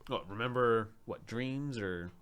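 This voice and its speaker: A man's voice: mid-range voice, a little slow, crowd noise. A man co-hosting a podcast in casual chat, hesitant and searching for his words as he asks questions. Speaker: podcast co-host.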